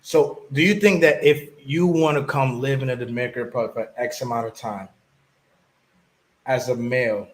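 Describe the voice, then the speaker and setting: A man's voice: mid-range voice, fairly even intonation, moderate pace, poor audio. A man hosting a casual interview, prompting his guest to tell more.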